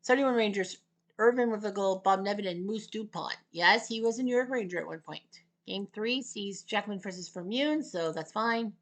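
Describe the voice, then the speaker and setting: Woman doing chill gameplay commentary, rambly, tons of side comments, yells a taunt sometimes. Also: mid-range voice, normal speed. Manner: chatty, rambling asides full of trivia; occasionally shouts a taunt.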